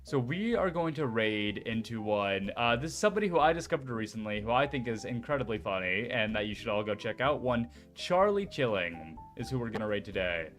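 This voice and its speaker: A young man streaming chats casually and with excitement, a little fast and with few pauses. His mid-range voice comes in bursts, he swears liberally, and faint music is audible behind him.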